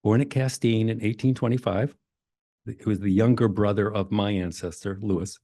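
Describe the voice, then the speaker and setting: An older man from Maine giving a relaxed genealogy talk in a library, reading old records aloud with self-deprecating asides. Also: lowish voice, normal speed, no room sound, clean studio sound. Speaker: genealogy presenter. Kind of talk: library presentation to a society audience. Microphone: presenter mic in a library meeting room.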